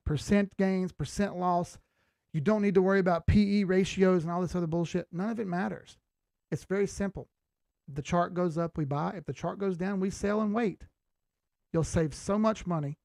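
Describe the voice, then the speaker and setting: Gravelly male streamer, blunt and profane, reading chat live, dry close sound. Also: high voice, normal speed, darkish tone, no echo. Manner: blunt, swears freely, laughs often. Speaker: crypto chart analyst hosting a live stream.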